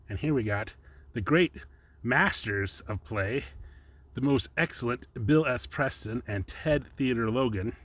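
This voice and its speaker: A man gives an informal Bible lesson at home from his slides, talking casually and rambling, often stopping to chuckle. His voice is lowish and a bit bright.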